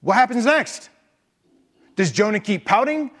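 Pastor, sermon delivery, high-pitched man, emphatic, punches his points with rhetorical questions. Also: expressive, a little slow, fairly bright tone.

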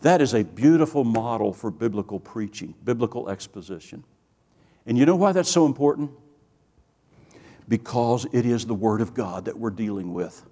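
A man's voice: medium pitch, expressive, moderate pace, warm tone, in a large hall. A man preaching a sermon with earnest emphasis, building through rising lists of phrases and telling stories with quoted dialogue.

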